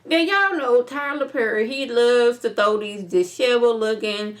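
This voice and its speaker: A woman's voice: fairly high pitch, normal speed. A young woman casually recapping and reviewing a TV episode in an opinionated, slangy way. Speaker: TV show reviewer.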